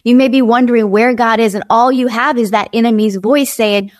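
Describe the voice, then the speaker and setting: A woman's voice: fairly high pitch, steady tone, moderate pace, few pauses, no echo, studio quality. A woman preaching an earnest devotional sermon, repeating phrases and acting out inner dialogue as she exhorts her listeners.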